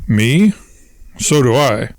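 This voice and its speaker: A man voicing an unimpressed wife who answers flatly and sarcastically. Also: mid-range voice, takes it slowly, no echo, clean studio sound. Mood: deadpan. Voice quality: flat, sarcastic delivery. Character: dry, flat, sarcastic wife.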